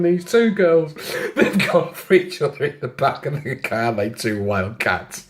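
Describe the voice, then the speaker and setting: Man, casual anecdote narration, animated pitch, chuckling, apologetic asides. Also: measured pace. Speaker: storyteller.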